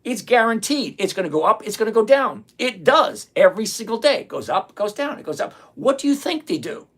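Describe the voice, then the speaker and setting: An older, retired host runs a live investing stream, talking straight to the camera and firing back at viewer comments. The gravelly, middle-pitched voice swings widely in pitch and runs a little fast. The delivery is blunt and sarcastic, with phrases repeated again and again to hammer points home.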